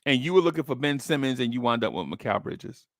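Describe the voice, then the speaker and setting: Gravelly man talking basketball trades. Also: medium pitch, sing-song, fast, no echo, clean studio sound. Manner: acts out phone calls in a streetwise voice. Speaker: podcast host. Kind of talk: casual basketball talk.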